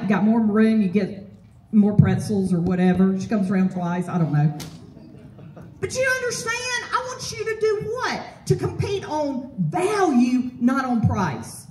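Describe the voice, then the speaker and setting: Woman seminar speaker, high and animated, fired-up coaching delivery, heard from a distance in a roomy hall. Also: a little hiss or hum. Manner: energetic, fill-in-the-blank rhetorical questions. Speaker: property management trainer and speaker. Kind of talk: motivational seminar talk. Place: event hall with an audience.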